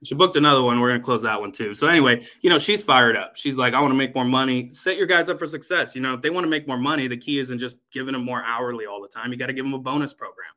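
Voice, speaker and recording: A man's voice: mid-range voice, fast talker, hardly any pauses, bright, forceful tone, poor audio. A man who owns a heating and cooling company, chatting bluntly and energetically from his office, swearing freely. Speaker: HVAC company owner. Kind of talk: casual business podcast chat.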